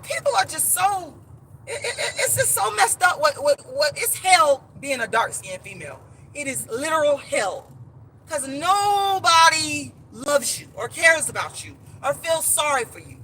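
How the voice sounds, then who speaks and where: A woman's voice: sits high, sing-song, unhurried, bright, forceful tone, slight background noise. A woman author and activist speaking straight to her viewers in an impassioned live-stream monologue, emphatic and preachy, repeating words as she gets worked up. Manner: speaks directly to viewers as "y'all".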